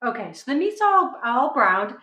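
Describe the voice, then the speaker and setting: A woman's voice: sits high, sing-song, normal speed, pushed and bright, echoey room, rough recording. A middle-aged woman from New England hosting a casual cooking demonstration, chatty and upbeat, often checking in with "right?". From New England, USA. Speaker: cooking show host. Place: home kitchen.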